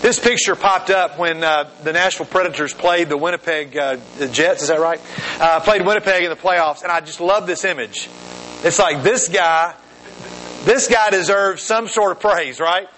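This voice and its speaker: A high, bright male voice preaching to a youth gathering, casual and animated, tripping over his words and restarting as he goes. A faint hum sits under the recording. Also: moderate pace, low-quality recording. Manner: animated, conversational, many restarts. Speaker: youth speaker. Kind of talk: sermon.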